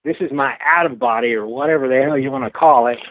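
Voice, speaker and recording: A man from Texas speaks quickly in a medium-pitched voice, recounting his story as an interview guest in a frank, rambling way and saying "you know" constantly. The casual talk comes through a tinny phone line with no room sound.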